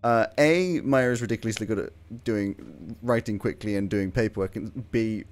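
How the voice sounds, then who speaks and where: A man's voice: fairly low pitch, normal speed. A young man running a tabletop game as game master, joking and laughing often as he narrates.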